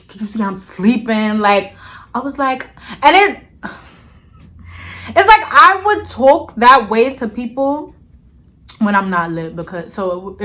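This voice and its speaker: A woman's voice: mid-range voice, sharp tone. A young adult woman telling a storytime vlog in a casual, blunt, profane way. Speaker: vlogger.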